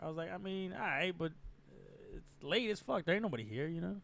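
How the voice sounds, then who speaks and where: A man's voice: fairly high pitch, quick pace, creaky. A young man co-hosting a casual podcast chat, teasing and profane as he chimes in. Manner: teasing, animated interjections, profane. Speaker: podcast co-host.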